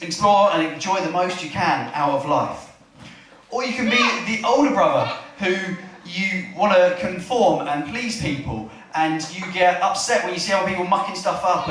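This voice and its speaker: A man's voice: sits high, moderate pace, a little hiss or hum. A man preaching a chatty family church sermon, often asking the room questions and acting out the story lines. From England. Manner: chatty, asks the room questions, animated retelling. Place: church hall. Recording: echoey hall from far off.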